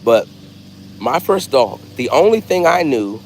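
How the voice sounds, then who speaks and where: A man vlogging, telling stories in a loose, animated way and acting out voices. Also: medium pitch, a little slow, creaky, a little hiss or hum. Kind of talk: casual storytelling.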